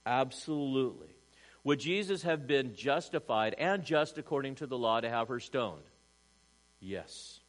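Male pastor, mid-pitched, dynamic sermon delivery, rhetorical questions, big shifts in volume. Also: animated, normal speed, low-quality recording. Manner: dynamic, swings from loud emphasis to hushed, rhetorical questions. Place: church service.

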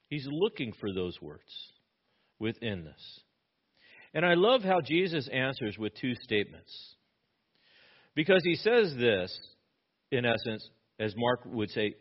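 Animated preacher man, dull lo-fi sound. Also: unhurried, pauses often, slightly rough. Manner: animated, rhetorical questions, acts out quotes with rising pitch and volume. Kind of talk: expository sermon.

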